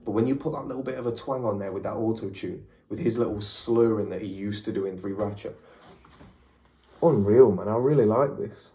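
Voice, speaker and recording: A young British man doing a casual, excitable music reaction, chatty and slangy, with the odd swear. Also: lowish voice, brisk, echoey room. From United Kingdom.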